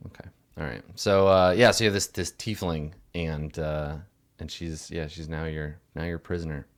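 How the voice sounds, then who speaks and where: A man's voice: extremely low pitch, fairly even intonation, normal speed. A man acting as game master, joking and laughing easily as he chats with his players over a call. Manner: joking, easygoing, laughs often. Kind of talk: casual banter before a tabletop game.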